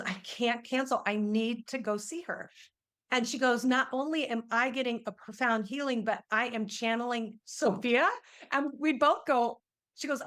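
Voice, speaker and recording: Middle-aged woman guest, slightly high voice, animated storyteller who voices the quoted people herself. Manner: animated, acts out quoted dialogue. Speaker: interview guest, energy healer. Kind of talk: personal storytelling in conversation.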